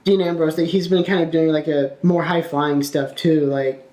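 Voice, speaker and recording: A playful co-host joins a casual chat, ribbing friends and backing them up. The voice is mid-pitched and echoes in the room. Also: fairly even intonation, normal speed, warm tone. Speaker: podcast co-host.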